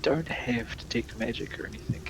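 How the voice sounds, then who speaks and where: A man's voice: normal speed, background noise. A young man playing a tabletop game, asking unsure questions. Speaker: player. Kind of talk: casual tabletop play.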